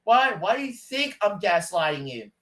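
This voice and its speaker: A man mimicking a dismissive, sneering woman in a shrill, exaggerated, mocking voice. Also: sing-song, normal speed, bright, forceful tone, recorded from a distance, exaggerated voice. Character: dismissive sneering woman who won't listen.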